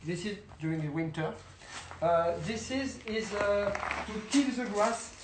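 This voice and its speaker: A young man speaks English with a clear French accent, pausing often and filling gaps as he searches for words. His voice sits high and he talks slowly. Faint outdoor ambience surrounds him. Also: expressive, background noise. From France. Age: young adult. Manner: halting, many filler sounds and restarts. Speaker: winemaker giving a vineyard tour. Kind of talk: casual guided talk. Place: outdoors in a vineyard.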